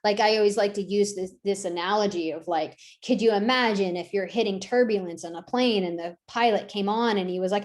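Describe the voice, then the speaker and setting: A woman leads a dog-training workshop at a mid-range pitch. She talks casually and keeps checking in with her listeners. Now and then she acts out the people and dogs she quotes. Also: a little fast, few pauses. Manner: conversational, acts out quoted voices, frequent "right?" tags. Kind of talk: online workshop talk.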